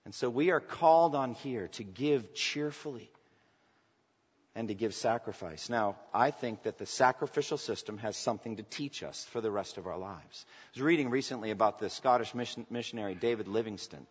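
A male pastor preaches a sermon at medium pitch and a moderate pace, his voice husky with a breathy edge. He alternates loud, emphatic lines with quiet asides. A long reverb suggests a large church hall, and the recording is dull and lo-fi.

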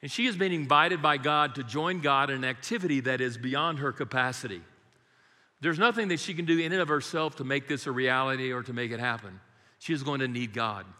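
An older man preaches in a church, moving from prayer into folksy, humorous family stories. His voice is bright and forceful at a middling pitch. A long reverb from the large hall trails behind his words. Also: fairly quick. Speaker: guest preacher. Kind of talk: sermon with prayer and storytelling. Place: church sanctuary.

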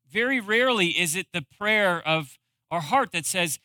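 Young male pastor, sermon delivery, very bright and high, dry close sound. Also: measured pace, no room sound. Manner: casual, conversational preaching with frequent fillers.

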